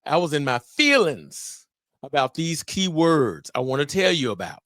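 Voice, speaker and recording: A middle-aged man hosting a solo podcast on fatherhood, talking in an animated, preacher-like way with exclamations. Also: a little high, normal speed, no echo, clean studio sound. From Memphis area, US. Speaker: podcast host.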